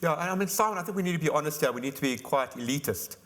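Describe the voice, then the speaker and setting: A man's voice: on the high side, animated, a bit bright. A man, an insurance expert explaining things on a conference panel in a chatty way. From South Africa. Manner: fast, explanatory, chatty with "you know" fillers. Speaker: insurance company expert guest.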